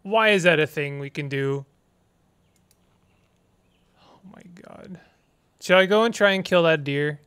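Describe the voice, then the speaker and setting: An unhurried gaming streamer with a mid-range voice talks through a let's play. They are playful and exasperated by turns, with loud dramatic outbursts, goofy invented words and quiet muttered asides. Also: medium pitch, smooth.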